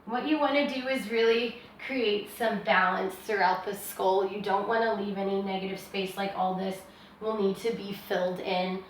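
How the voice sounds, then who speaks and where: A woman giving a step-by-step drawing lesson, talking in a relaxed, reassuring way as she draws and thinks aloud. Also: medium pitch, normal speed, distant mic, slight background noise. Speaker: art teacher. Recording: very echoey room, voice from off-mic.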